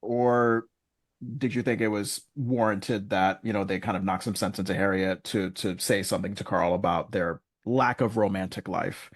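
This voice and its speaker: A man's voice: lowish voice, steady tone, normal speed. A man co-hosting a podcast in casual chat, talking in a chatty, hedging way and now and then acting out voices. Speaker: podcast co-host.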